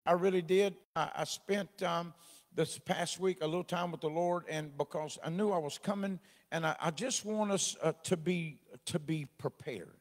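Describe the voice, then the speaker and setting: A man preaching a midweek sermon, folksy and joking, swelling into loud exhortation. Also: on the high side, normal speed, long reverb tail. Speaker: pastor. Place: church sanctuary.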